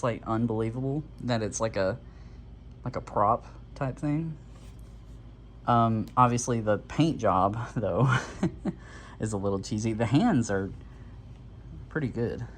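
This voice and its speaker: A man's voice: medium pitch, slight background noise. A man casually talking through an unboxing in a rambling, easygoing way, slightly out of breath. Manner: rambling and easygoing, with many fillers. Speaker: toy and prop reviewer.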